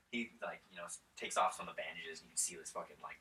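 A man's voice: low voice, very fast, sharp tone. A man running a tabletop game as game master, narrating casually with laughs and loose, rambling asides. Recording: roomy sound from a distance.

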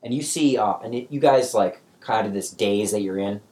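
A man's voice: on the low side, normal speed, darkish tone. A man narrating as game master for a tabletop game, talking in a loose, rambling way. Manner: loose and rambling, many fillers and restarts.

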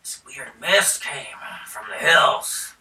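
A man's voice: mid-range voice, animated, takes it slowly, pushed and bright, recorded from a distance, voice pushed up, heavily acted. A man doing a moaning wounded peasant. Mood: fearful. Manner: moaning, fearful. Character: wounded, whimpering male peasant.

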